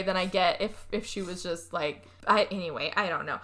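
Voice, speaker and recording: A woman co-hosting a podcast, recapping a movie in casual chat, animated and laughing often as she acts out the characters' lines. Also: medium pitch, moderate pace. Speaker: podcast co-host.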